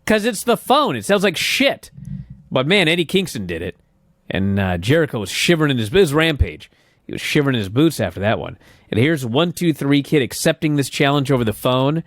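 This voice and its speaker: A man co-hosting a casual wrestling recap chat, an animated storyteller who swears often and acts out quotes. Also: medium pitch, a little fast, dry recording, clean studio sound. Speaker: podcast co-host.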